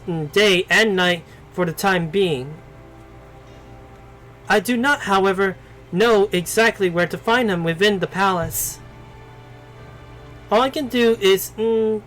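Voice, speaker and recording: A man's voice: sits high, fairly bright tone, rough recording. A man reading as a polite, cautious court lady. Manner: reads slowly with frequent hums.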